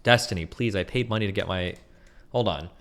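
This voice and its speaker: A man commentating casually on a livestream, arguing heatedly and swearing, with quick mock voices of others. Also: low voice, fairly bright tone. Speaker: streamer reacting to a debate.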